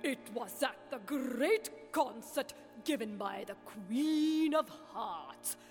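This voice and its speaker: Woman reading as a contemptuous storybook hatter, slow and weighty, in a hall with long reverb. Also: fairly high pitch, expressive, faint music behind. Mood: mournful. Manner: slow, emphatic, contemptuous delivery. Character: haughty, mournful adult male hatter at a tea party.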